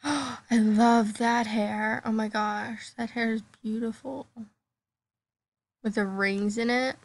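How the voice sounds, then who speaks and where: A bubbly female host talks her way through casual gameplay commentary, gushing with excitement. Her voice sits a little high. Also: slow, creaky. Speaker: gaming channel host.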